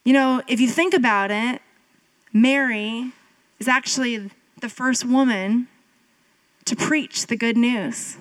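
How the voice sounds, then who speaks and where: A woman pastor in her thirties gives a sermon like she's telling a story to friends. Her voice sits fairly high and her delivery is slow and unhurried. She fills it with casual asides and jumps up in pitch to drive a point home. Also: low-quality recording. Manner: animated storytelling, jumping up in pitch for emphasis; conversational, with filler "like" and asides.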